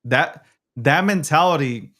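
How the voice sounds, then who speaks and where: A man's voice: fairly high pitch, animated, slow, sharp tone. A man hosting a live streamed show, chatting casually and swearing now and then. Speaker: host.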